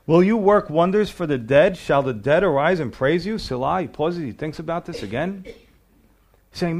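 A middle-aged pastor works through a sermon verse by verse, reading scripture aloud and posing rhetorical questions in a conversational preaching style. His voice is fairly high and expressive, at normal speed.

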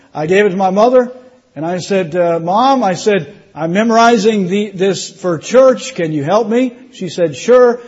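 Husky-voiced man telling a church testimony. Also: sits high, a little mellow, dull audio. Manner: storytelling with restarts, rising emphasis. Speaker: preacher. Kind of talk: sermon testimony.

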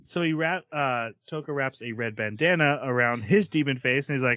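A man's voice: medium pitch, sharp tone, no echo. Dude recapping an anime on his podcast, laughs a lot, dry kinda muffled mic. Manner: chatty, laughs often, quickly acts out characters' lines. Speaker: podcast host. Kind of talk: casual chat recapping an anime episode.

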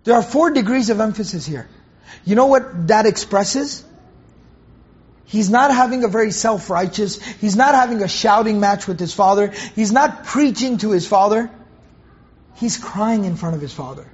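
A man teaching a Quran commentary lesson in an earnest way, repeating phrases for emphasis and reciting Arabic verses slowly. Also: high-pitched, breathy edge. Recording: dull, muffled lo-fi recording.

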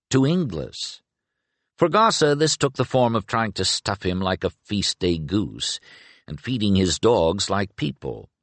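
A man narrating a novel with expressive, scripted storytelling. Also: low-pitched, no room sound. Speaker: audiobook narrator.

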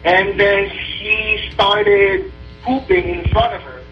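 A man calling in to a radio show while driving, telling a story in a halting, rambling way over a muffled line. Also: high-pitched, steady tone, distant mic, faint music behind. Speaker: caller. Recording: muffled phone call from a car.

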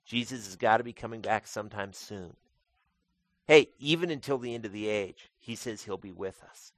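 A man preaching a sermon in a conversational way, calling his listeners folks and swinging between loud emphatic lines and quiet asides. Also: lowish voice, normal speed, no echo. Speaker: pastor.

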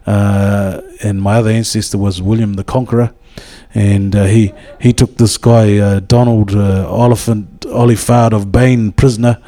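New man, low and warm, rambling devotional talk with lots of hesitations. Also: flat delivery, moderate pace, few pauses. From New Zealand. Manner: rambling, with many hesitations and restarts. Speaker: speaker at a church gathering.

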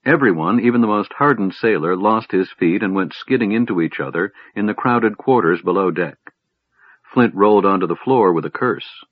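Husky low-voiced male narrator. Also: moderate pace, no echo. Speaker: audiobook narrator. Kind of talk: scripted fantasy narration. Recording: dull lo-fi recording.

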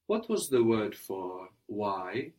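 A man's voice: fairly low pitch, big pitch swings, slow, darkish tone. A man teaching a spoken language lesson, patiently repeating his student's answers and explaining grammar step by step.

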